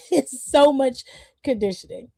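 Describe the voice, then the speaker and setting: A livestream host with a high, warm voice talks to her viewers a little slowly, in a blunt and sassy manner. She swears freely and laughs a lot. The recording is close and dry, with no room sound.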